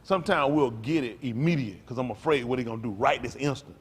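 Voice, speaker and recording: This man delivers a sermon fast, in a husky voice, addressing the congregation directly and calling out to them. His style is conversational preaching full of repeated phrases. He moves from quiet murmurs up to loud, raised lines.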